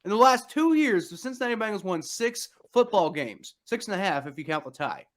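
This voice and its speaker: A young man hosting a casual sports podcast, talking excitedly and rambling with many restarts. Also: high voice, fairly quick. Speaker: podcast host.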